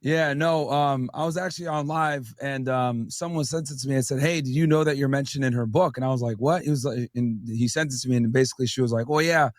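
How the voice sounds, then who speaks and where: A man's voice: medium pitch, fast, few pauses, no echo, studio quality. A man casually telling a story as a podcast guest. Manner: casual, storytelling, laid-back.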